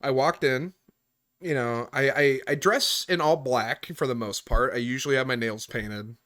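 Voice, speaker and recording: In casual podcast chat, a host with a mid-range voice at normal speed recounts work stories, cursing freely. He brings the characters to life by voicing them, talking on voice chat from a room at home.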